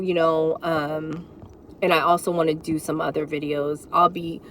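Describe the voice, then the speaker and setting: A woman's voice: low voice, a little hiss or hum. A woman candidly telling her caregiving story in an unscripted, emotional talk from inside a car, full of asides. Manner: frank, emotional, rambling with many asides. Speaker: vlogger sharing caregiving story.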